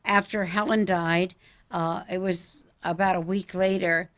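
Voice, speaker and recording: An older woman, a psychic guest on a talk show, speaking calmly and reassuringly about visions. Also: fairly low pitch, a little slow. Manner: calm, reassuring, tells emotional personal stories.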